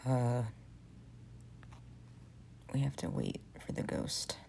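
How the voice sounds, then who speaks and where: A woman streaming a choose-your-own-adventure game, thinking aloud in a relaxed, casual way and reading choices out. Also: rumbling low, slow pace, creaky, slight background noise.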